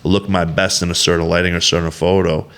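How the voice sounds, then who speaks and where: Deep-voiced man telling a blunt, profane story. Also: little pitch movement, fairly quick, fairly bright tone. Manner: blunt and heavily profane, acts out quoted dialogue; rambling with frequent fillers like "you know" and "like". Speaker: podcast guest, competitive bodybuilder. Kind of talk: candid casual interview storytelling.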